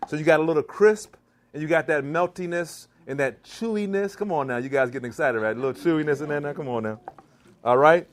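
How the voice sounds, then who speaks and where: A man's voice: on the high side, fast talker. A man giving a vegan cooking demonstration to a live audience, calling out to the crowd like a preacher. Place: church hall kitchen.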